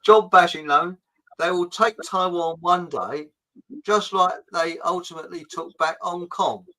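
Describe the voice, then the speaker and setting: A middle-aged man with a fairly high, bright, forceful voice hosts a loose live chat. He rambles and jokes, reading out viewer comments between asides. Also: a little slow, rough recording. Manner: jokey and rambling, with frequent fillers. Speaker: host of a live online chat show.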